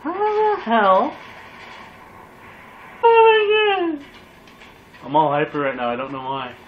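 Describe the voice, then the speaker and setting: Excitable high-voiced male gamer. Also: takes it slowly, dull audio, a little hiss or hum. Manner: excitable, yelling and swearing at the game. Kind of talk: gameplay commentary.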